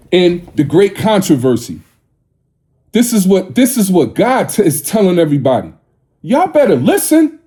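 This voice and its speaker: A man's voice: high voice, warm tone. A man in his forties delivering a confrontational, preachy monologue to his viewers, profane and scolding. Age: 40s. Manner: scolding, lecturing tone.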